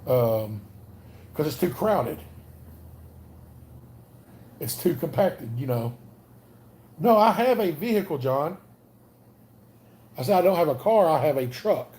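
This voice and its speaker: A man with a Southern Alabama accent talks in a loose, rambling way as he hosts a livestream chat. His voice sits a bit high for a man and has a mellow, warm tone. He keeps stopping to greet viewers by name. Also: sing-song, slow, long pauses. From North Alabama. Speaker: livestream host.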